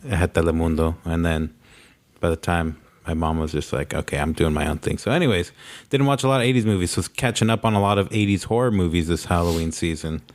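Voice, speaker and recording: A man's voice: low-pitched, fast talker. A young man co-hosting a podcast, chatting casually in a laid-back, rambling way full of "like"s. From Mexican-American upbringing. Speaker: podcast co-host. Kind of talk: casual chat.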